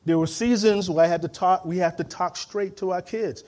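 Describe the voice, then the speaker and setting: A man delivers a lively sermon in a high voice, driving home each point and calling for the congregation to answer back. He slips into quick impressions of the people he quotes, then returns to plain, emphatic preaching. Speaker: pastor.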